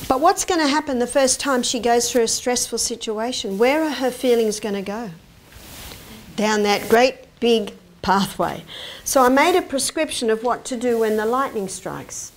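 Lively woman giving a talk. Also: a little high, a little hiss or hum. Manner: lively, asks the audience questions, acts out quotes. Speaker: health lecturer. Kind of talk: animated public lecture. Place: lecture hall.

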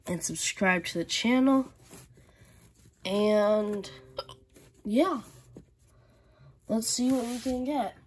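A woman's voice: on the high side, a little mellow, a little hiss or hum. A woman hosting her channel in a casual unboxing chat at home, who has the hiccups and lists items one by one. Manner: unhurried, listing items one by one. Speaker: channel host. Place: at home, indoors. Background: faint TV sound and packaging crinkles.

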